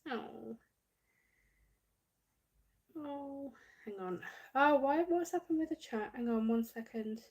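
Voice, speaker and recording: A woman's voice: sits high, slow pace, pauses often, darkish tone. A woman hosting a casual livestream, chatting and giggling as she reads viewer comments aloud. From United Kingdom. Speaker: livestream host reading chat.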